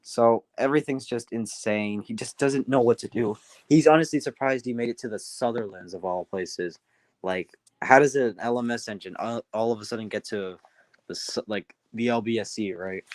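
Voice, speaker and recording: Male streamer, casual storyteller, rambling and halting, dry sound. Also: fairly low pitch, dry recording. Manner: rambling, many restarts and fillers.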